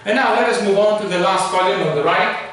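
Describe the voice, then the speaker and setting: Slow, echoey, high-voiced male teacher. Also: fairly bright tone. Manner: drawn-out modelling of sounds, repetitive drills. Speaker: pronunciation teacher. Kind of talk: slow deliberate pronunciation lesson. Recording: very echoey room, voice far from mic.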